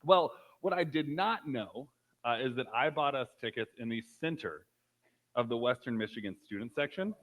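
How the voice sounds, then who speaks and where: A man's voice: medium pitch, animated, normal speed, fairly bright tone, poor audio. Pastor, male, 30s, mid-range voice, chatty storytelling sermon with lots of fillers. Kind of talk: casual sermon.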